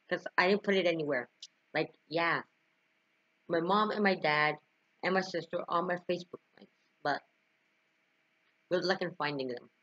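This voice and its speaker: A young woman with a fairly low voice vlogs to camera on a lo-fi recording, sharing a personal story. She's emotional and at times tearful, often laughing and sighing.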